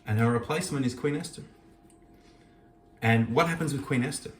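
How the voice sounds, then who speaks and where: A man's voice: medium pitch, fairly quick. A man giving an earnest, reflective talk on a scripture passage, reading Hebrew verses and explaining them. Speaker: host. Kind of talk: reflective Torah teaching. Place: kitchen. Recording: echoey room, mic at a distance.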